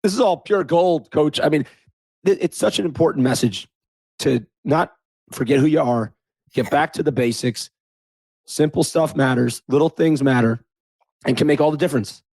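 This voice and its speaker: A man's voice: a little high, normal speed, darkish tone, no echo, poor audio. A man hosting an interview podcast, asking long thoughtful questions and rephrasing as he goes. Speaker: podcast host.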